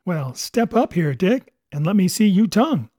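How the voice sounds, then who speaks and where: A man voicing a fearless, educated ship's doctor who talks crisply and scolds dryly. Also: high voice, sing-song, moderate pace, dark tone, no echo, studio quality. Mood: brisk. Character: brisk, fearless male ship's doctor, gentleman.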